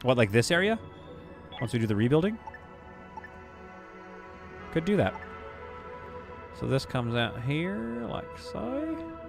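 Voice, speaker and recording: A man's voice: on the high side, sing-song, slow, gravelly, long pauses. Chatty male streamer over faint music. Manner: casual, chatty, reads chat aloud. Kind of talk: live gameplay commentary.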